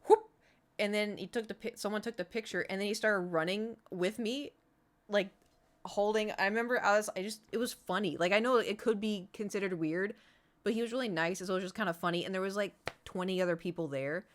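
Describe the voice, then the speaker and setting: A woman's voice: mid-range voice, a little fast. A woman streamer telling a story in casual, rambling chat, full of fillers and restarts. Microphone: streaming setup.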